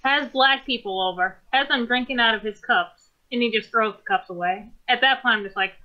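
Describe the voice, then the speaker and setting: A woman's voice: fairly high pitch, fairly quick. A woman co-hosting a casual movie review show, talking in a blunt, matter-of-fact, profane way. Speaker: podcast co-host. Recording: dull lo-fi mic.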